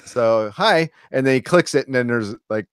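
A man co-hosting a casual review chat, retelling scenes in an animated way and dropping in quick impressions. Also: mid-range voice, clear, resonant tone, no room sound, clean studio sound. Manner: animated retelling, acts out lines with quick impressions, frequent laughs and fillers. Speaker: podcast co-host.

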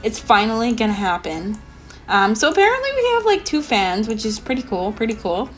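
A young woman hosting a let's play, chatting in a bubbly, excitable way full of "like" and "um". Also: fairly high pitch, brisk, slight background noise. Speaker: gaming channel host. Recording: light background music.

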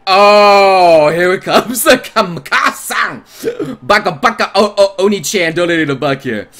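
Brief: male game streamer, bright, high, animated, crude excited reactions. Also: normal speed. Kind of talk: reading and reacting to a visual novel.

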